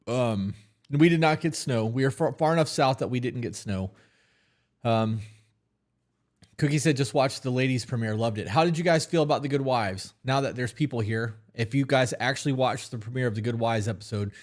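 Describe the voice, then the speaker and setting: A man's voice: mid-range voice, normal speed. Rambling man co-hosting a podcast. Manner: rambling, with many fillers and restarts. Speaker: podcast co-host. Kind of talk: casual live-stream chat.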